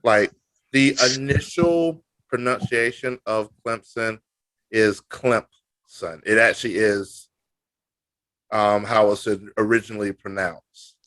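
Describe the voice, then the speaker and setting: A man co-hosting a sports podcast, boastful and animated, halting with many fillers. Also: fairly low pitch, dry recording. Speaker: podcast co-host. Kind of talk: casual sports podcast chat.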